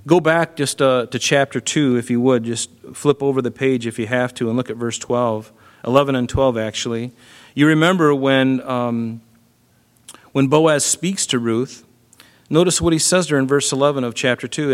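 A man preaching a sermon in an earnest, conversational way, often filling pauses with "you know". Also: mid-range voice. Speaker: pastor.

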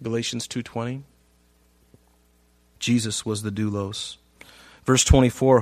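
A man preaching a sermon, reading scripture aloud and explaining it. His delivery swings from quiet asides to loud, stressed phrases. The sound is dry and close, with no room echo. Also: medium pitch, steady tone, a little slow, pauses often. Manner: reads scripture aloud and comments on it. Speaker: pastor.

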